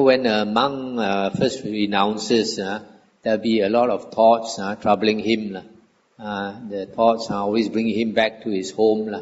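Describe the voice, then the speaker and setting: An older man, a Buddhist monk giving a measured, hesitant Dhamma talk with many fillers. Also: fairly low pitch. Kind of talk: Dhamma talk reading and explaining scripture. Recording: dull lo-fi recording with long hall reverb.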